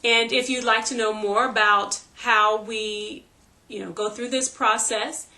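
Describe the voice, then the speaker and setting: A woman's voice: mid-range voice, bright, forceful tone. A middle-aged woman, a homeschool teacher, giving a patient step-by-step classroom demonstration and checking in with "okay?".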